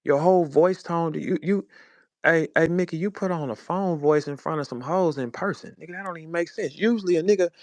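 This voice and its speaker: Speaking a little fast with a slightly high voice and no room sound, a St. Louis rapper in his forties delivers a heated, profane rant. He is confrontational, talking over a phone in an online audio room.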